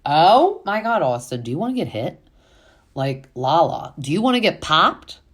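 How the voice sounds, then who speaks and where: A woman's voice: sits low, big pitch swings, moderate pace, slightly rough. A woman hosting a casual reality TV recap, chatty and full of fillers, with exasperated asides.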